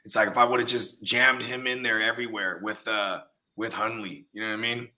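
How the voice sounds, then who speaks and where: Male fantasy football co-host, relaxed and profane, bright forward tone, casual banter. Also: on the low side, a little fast. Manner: laid-back, profane, says "you know what I mean" a lot. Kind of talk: casual sports chat.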